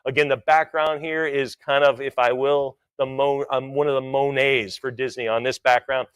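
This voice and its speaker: A man working as an auctioneer, chanting bids in quick rhythmic runs and tossing in joking asides. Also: medium pitch, steady tone, a bit bright, smooth, no echo. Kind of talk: live auction calling.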